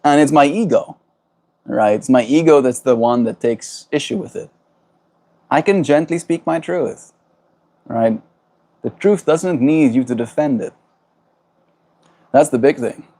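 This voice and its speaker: A man with a South African accent chatting gently on a livestream, greeting viewers and laughing often. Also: medium pitch, measured pace, long pauses. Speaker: livestreamer reading chat. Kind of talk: casual livestream chat.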